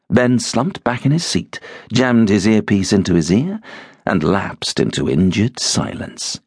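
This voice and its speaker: A man narrating an audiobook in an expressive, measured storytelling manner. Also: lowish voice, vocal fry, breathy edge, dry recording, studio quality. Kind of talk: scripted narration.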